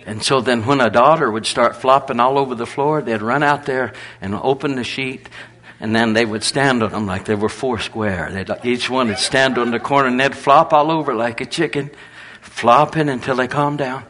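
A man preaching a sermon in a folksy, storytelling way with a husky voice. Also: mid-range voice, normal speed, hardly any pauses, fairly bright tone.

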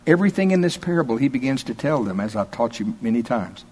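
A man's voice: medium pitch, big pitch swings, fast talker, a little mellow, husky. A man preaching a sermon in a folksy, emphatic, conversational way, reading scripture aloud and then explaining it.

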